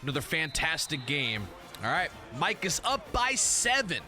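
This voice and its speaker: A young male streamer calls a football video game play by play, swearing freely and jumping to loud outbursts. His voice is bright and forceful and sits a little high, with faint music running behind him. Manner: excitable, profane, quick bursts of shouting. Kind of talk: casual play-by-play commentary.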